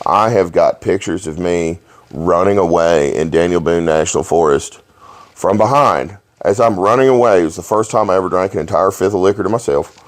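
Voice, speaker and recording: A man hosting a podcast, telling rowdy stories in a profane, animated way and laughing along. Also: low voice, a little fast. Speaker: podcast host. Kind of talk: casual storytelling chat.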